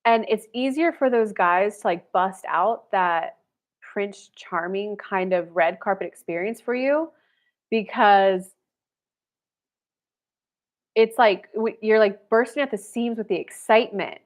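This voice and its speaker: Thirties woman, dating-coach host, mid-pitched voice, loose and chatty live-stream delivery, lots of fillers, a bit blunt. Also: unhurried. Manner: chatty, heavy "like" fillers, blunt with casual swearing. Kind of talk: casual live-stream chat answering viewers.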